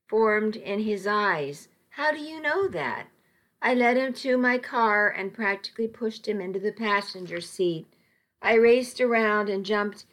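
A woman narrating a novel in the first person, measured and intimate. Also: medium pitch, a bit bright. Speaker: audiobook narrator.

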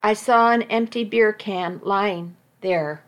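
A woman narrating a first-person story in a steady, reflective reading voice. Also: mid-range voice, takes it slowly.

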